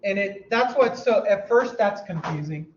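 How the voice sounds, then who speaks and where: A man teaching a class, quizzing students and mimicking heart sounds out loud, heard in a dull, lo-fi classroom recording. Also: high voice, lively intonation, moderate pace. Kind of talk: classroom lecture. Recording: dull lo-fi recording with faint hum.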